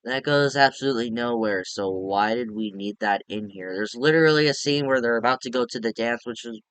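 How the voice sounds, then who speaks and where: A man rambles through a casual movie review, cursing freely and getting animated. His voice is bright and crisp. The sound is dry and close, with no room around it. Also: medium pitch, no echo.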